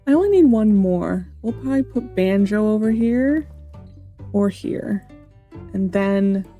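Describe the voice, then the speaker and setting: A woman's voice: medium pitch, expressive, a little slow, warm tone, soft background music. A woman hosting a gameplay video, chatting casually and thinking aloud as she plays.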